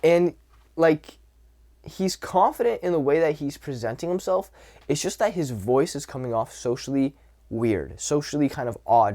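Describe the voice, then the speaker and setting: A man's voice: fairly high pitch, normal speed, mellow. A young man giving casual dating and self-improvement advice, talking loosely with fillers and restarts. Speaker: dating and social skills coach. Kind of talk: casual advice talk to camera.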